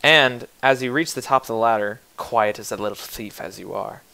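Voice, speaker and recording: A man's voice: mid-range voice, normal speed, gravelly, sharp tone, clear, resonant tone. A man runs a tabletop game as game master, narrating scenes in a loose, casual way. He jokes and restarts his phrases often. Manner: casual, joking, with many restarts.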